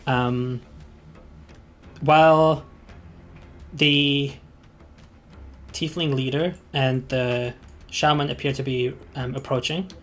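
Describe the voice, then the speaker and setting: A man's voice: medium pitch, steady tone, slow, pauses often, fairly bright tone, faint music behind. A man narrating as game master of a tabletop game, hesitant and full of fillers.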